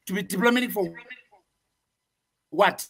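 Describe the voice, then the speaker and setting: A man with a notably high voice delivers fiery political commentary as a show guest. He preaches with raw passion and keeps coming back to the same phrases, his pitch climbing high for emphasis. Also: measured pace, creaky, a bit bright.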